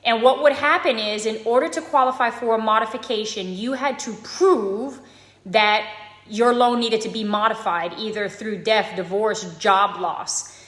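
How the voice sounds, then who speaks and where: A woman's voice: on the high side, normal speed, fairly bright tone. A woman working as a mortgage loan officer who gives casual advice straight to her viewers and keeps checking in with them by asking "okay?" and "right?". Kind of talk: casual direct-to-camera advice. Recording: echoey room.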